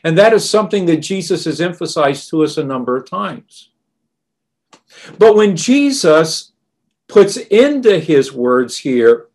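A man preaching a sermon in a slow, earnest and deliberate way, dropping softer on the verses he quotes. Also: on the high side.

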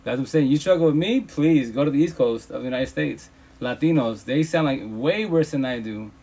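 Male streamer on a phone mic, mid-pitched, preachy, swears a lot, hammers points home. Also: brisk, dark tone, slightly rough. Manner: emphatic, profane, repeats himself. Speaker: livestream host. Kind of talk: casual preachy rant. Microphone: phone livestream.

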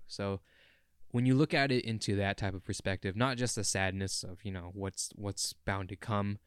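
A man's voice: on the low side, fairly even intonation, moderate pace, clear, resonant tone, no room sound, clean studio sound. A young man co-hosting a podcast, talking in an earnest, rambling and emotional way. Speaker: podcast co-host. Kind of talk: casual chat.

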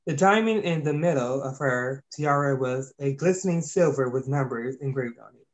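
A man's voice: mid-range voice, animated, normal speed, dull audio. A man reading an amateur fantasy story aloud, stumbling and correcting himself as he goes. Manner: reads with slips and self-corrections. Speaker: narrator.

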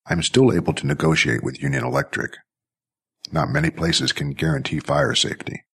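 A man voicing a calm, formal robot zookeeper. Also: a bass voice, husky, full character voice. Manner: measured, polite and formal.

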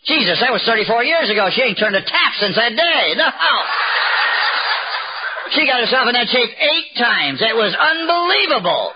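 A man's voice: very high-pitched, big pitch swings, moderate pace. An older man giving a humorous personal talk at a recovery meeting, a wry, self-mocking storyteller with a knack for comic timing. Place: live talk at a gathering. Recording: dull, lo-fi old tape recording with faint hiss.

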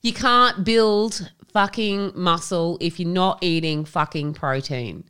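A woman's voice: on the low side, clean tone. A woman co-hosting a casual podcast chat, swearing freely and laughing through her stories. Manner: swears constantly, laughs often, storytelling; animated, fast bursts. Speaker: podcast co-host.

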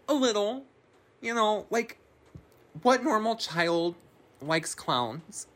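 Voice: medium pitch, animated, slow pace, pauses often, fairly bright tone. A podcast host giving a casual film recap, rambling with lots of fillers and swearing freely.

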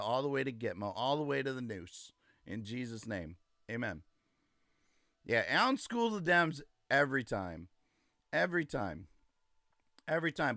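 A man's voice: mid-range voice, gravelly, a bit bright, no echo, studio quality. A man hosting a casual livestream, ranting emphatically and gloating, repeating his points. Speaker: livestream host. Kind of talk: casual political livestream rant.

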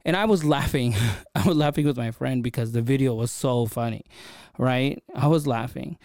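A man hosting a podcast, telling a story in a casual, animated way and often checking in with his listener. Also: mid-range voice, normal speed, no echo, clean studio sound. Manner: animated, chatty, frequent "right?" check-ins. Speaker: podcast host.

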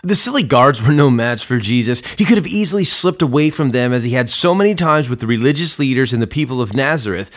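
A man's voice: mid-range voice, expressive, quick pace, hardly any pauses. A man giving a devotional sermon commentary on scripture in a reflective, conversational teaching manner.

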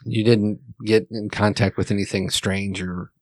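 A man running a tabletop role-playing game as game master, narrating in a halting way with frequent restarts. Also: fairly low pitch, level tone, dry recording, clean studio sound. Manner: halting, restarts mid-sentence.

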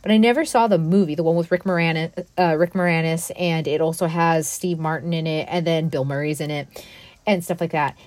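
A woman's voice: sits low, steady tone, fairly quick, a little mellow, dry recording. Chatty, enthusiastic young woman, dry sound. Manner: chatty, enthusiastic, lots of fillers. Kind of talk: casual chat.

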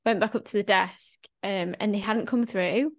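A woman's voice: mid-range voice, normal speed, no echo. A woman chatting casually on a podcast, telling a travel story and acting out the people in it. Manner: animated storyteller, acts out quoted voices. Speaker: podcast guest. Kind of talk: casual chat.

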